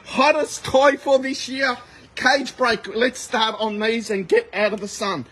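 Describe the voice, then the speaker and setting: High-voiced man calling out bargain prices. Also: flat delivery, a bit bright. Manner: rapid price-calling, chatty with viewers. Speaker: livestream sale host. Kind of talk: live shopping stream. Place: outdoors at a warehouse sale. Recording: noisy outdoor phone recording with wind.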